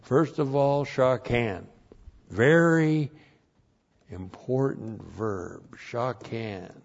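A man teaching a sermon as a pastor, working slowly through Hebrew words and spelling them out letter by letter, and growing emphatic at times. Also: mid-range voice, gravelly. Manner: builds to emphatic, louder passages. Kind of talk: Bible teaching sermon with Hebrew word study. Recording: dull lo-fi sermon recording.

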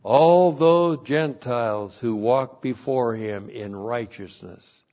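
A man works through a Bible passage verse by verse, stressing each point and repeating key phrases. He speaks at a slow, deliberate pace. The recording is dull and lo-fi. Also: mid-range voice, darkish tone. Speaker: Bible teacher.

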